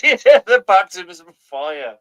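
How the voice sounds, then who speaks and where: A man's voice: sits high, very animated, slow pace, a crowd in the background. A man co-hosting a comedy show, bantering casually with hesitant ums. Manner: hesitant, full of ums, laughs easily.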